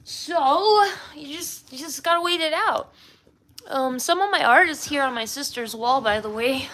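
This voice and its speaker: A woman's voice: high voice, expressive, a little slow, fairly bright tone. A woman livestreaming from home with a slight slur, chatting to viewers in a rambling, self-deprecating way and laughing often. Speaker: livestreamer and artist. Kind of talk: casual livestream chat. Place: at home, indoors.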